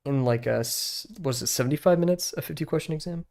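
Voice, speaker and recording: A man's voice: fairly high pitch, fast talker, creaky, a little mellow. A young man in his twenties, a streamer talking in a casual, rambling way, often laughing at himself. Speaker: drawing streamer.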